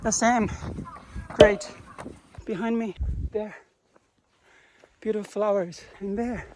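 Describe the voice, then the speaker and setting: A man giving running commentary outdoors in a quiet park while jogging, speaking in short clipped phrases with simple grammar. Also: high-pitched, steady tone, slow, background noise. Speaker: vlogger testing a running watch.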